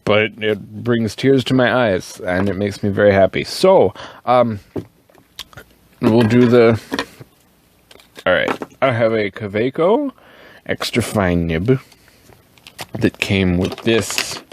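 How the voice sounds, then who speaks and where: A tipsy man rambling casually in a show-and-tell vlog, swearing and wandering up and down in pitch. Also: lively intonation, slow pace, long pauses, background noise. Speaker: fountain pen vlogger.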